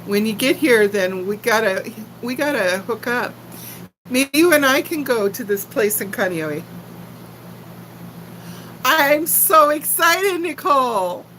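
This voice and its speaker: A woman's voice: medium pitch, expressive, normal speed, a little hiss or hum, low-quality recording. An older woman from Texas with a faint Texan accent, chatting casually and giggling with viewers on a livestream. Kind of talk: casual live chat.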